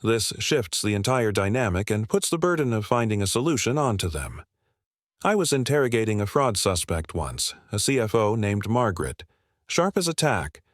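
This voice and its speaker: A man giving scripted narration in a measured, confident storytelling manner, asking the listener rhetorical questions. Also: fairly low pitch, big pitch swings, no echo, clean studio sound.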